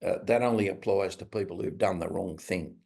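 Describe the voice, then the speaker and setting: A man with an Australian accent presenting a webinar, telling anecdotes and acting out quoted people in a higher voice. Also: fairly quick, vocal fry, darkish tone. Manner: anecdotal, acts out quoted voices in a raised pitch. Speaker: webinar presenter on restorative practice. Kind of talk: storytelling presentation.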